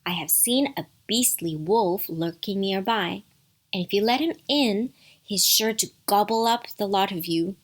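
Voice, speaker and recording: A woman voicing a caring mother goat in a storybook, gentle as she warns her children. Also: medium pitch, unhurried, lightly acted.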